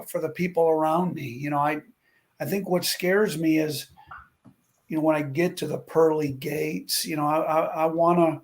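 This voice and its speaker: Animated middle-aged man telling racing stories. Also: on the high side, gravelly. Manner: animated storyteller who acts out quotes. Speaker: guest, former stuntman and drag racer. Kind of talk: casual talk-show chat.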